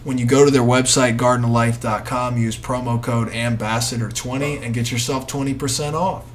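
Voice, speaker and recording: Male podcast host, mid-pitched, offhand rambling ad reads over faint background hiss. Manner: rambling, jokey, self-deprecating. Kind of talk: casual sponsor read.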